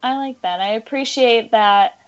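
A woman gushes through casual podcast chat, emotional, with "um" fillers and little laughs. Her voice sits a bit high. The recording sounds slightly dull and lo-fi. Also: a little slow. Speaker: podcast co-host discussing a TV show.

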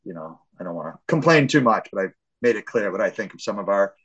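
Animated man telling a story. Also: fairly low pitch, fast, breathy edge, highs cut off. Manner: animated storytelling, acts out shouts and voices of family; swears freely. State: hard of hearing. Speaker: podcast host. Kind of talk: casual sports chat.

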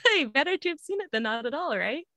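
A bubbly woman co-hosts a podcast, giggling often as she chats. Her voice is fairly high and bright, and it swings widely up and down. The sound is dry and close. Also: sing-song, quick pace, no echo. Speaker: podcast co-host. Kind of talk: casual chat.

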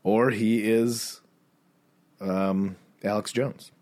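A man co-hosting a podcast in casual chat, telling a rambling bar story and mimicking people in high squeaky voices. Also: fairly even intonation, drawn-out words, a little mellow. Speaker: podcast co-host.

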